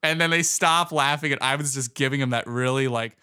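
A man's voice: medium pitch, a little fast, pushed and bright, clean tone, dry recording, studio quality. A man casually recapping a movie plot in a chat, rambling with lots of fillers. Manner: rambling retelling with many fillers.

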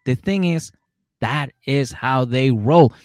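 A man co-hosting a comedy podcast, recapping a show in casual, profane, animated chat. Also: mid-range voice, slow, no room sound, clean studio sound. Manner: animated storytelling, profane, acts out quotes.

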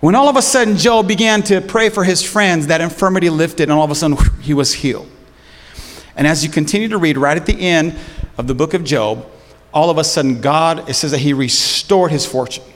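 High-voiced preacher in a reverberant hall. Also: male voice, fairly quick. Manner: casual slang, animated storytelling. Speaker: pastor. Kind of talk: sermon.

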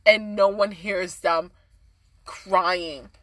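A woman's voice: medium pitch, fairly even intonation, very slow, fairly bright tone, no echo. A woman speaking earnestly and passionately in a casual conversation, with many fillers.

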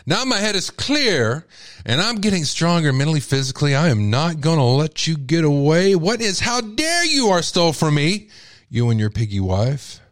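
A male podcast host reading a statement aloud in character as a furious grieving widow, ranting and accusing with sharp swings in pitch. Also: very animated, normal speed, no echo, studio quality. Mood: bitter accusing.

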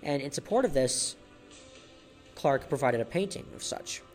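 Halting man hosting a solo podcast. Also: medium pitch, expressive, darkish tone, soft background music. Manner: halting, with frequent restarts and repeated words; chuckles at his own jokes. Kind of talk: casual informational narration.

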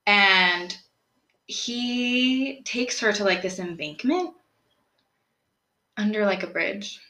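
A young woman hosting a podcast, telling a true-crime story in a casual, animated way, full of "like" and questions put to her co-host. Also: medium pitch, takes it slowly. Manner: chatty, animated, lots of "like" and rhetorical questions. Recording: roomy echo.

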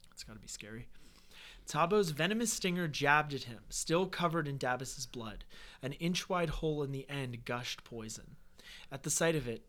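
A man's voice: mid-range voice, fairly bright tone. Man casually retelling a fantasy story. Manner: reads story text, then breaks off into joking asides. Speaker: podcast host.

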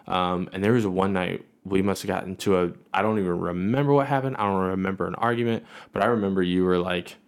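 Low-voiced man talking things over. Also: fast, few pauses. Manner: reflective, many fillers and restarts. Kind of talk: casual conversation about marriage.

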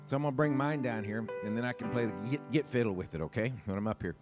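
With music playing in the background, a pastor preaches quickly and expressively in a mid-range voice. He speaks into a wireless handheld mic in the church sanctuary, chatty and folksy, laughing often.

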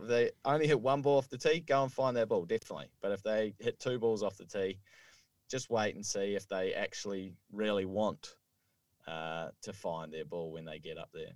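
A man's voice: on the low side, dry recording, recorded from a distance. A man co-hosting a casual golf podcast, explaining rules step by step with many fillers. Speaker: podcast co-host. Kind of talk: casual chat. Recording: dry, a little off-mic.

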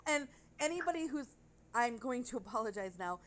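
A woman's voice: on the high side, lively intonation, brisk, fairly bright tone. A woman co-hosting a casual podcast chat, rambling and gushing, with casual swearing. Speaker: podcast co-host.

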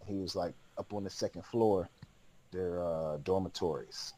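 A man's voice: low-pitched, steady tone, moderate pace, mellow, poor audio. A man, a podcast guest, telling a long story in casual, slangy speech with lots of laughter.

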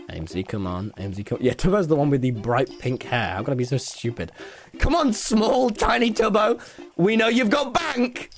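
A young Englishman streaming a game in loud, excitable casual chat, swearing freely. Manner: loud, excitable, swearing, jumping into squeaky baby talk.

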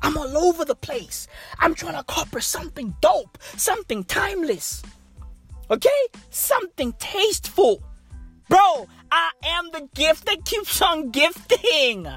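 Woman, high lively voice, unhurried slangy profane comic rant, faint music behind. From South Africa. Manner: slangy, profane hype-bro talk.

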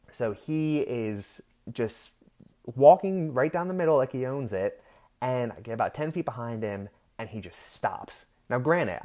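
A man's voice: fairly low pitch, a little mellow. Young man ranting through a story. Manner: heated, ranting, swears freely. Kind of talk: casual storytelling rant.

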